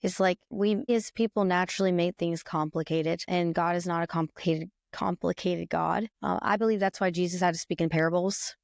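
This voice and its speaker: Female podcast host, gravelly low voice, reflective and affirming. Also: steady tone, fairly quick, hardly any pauses, no room sound, studio quality. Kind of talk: casual podcast chat.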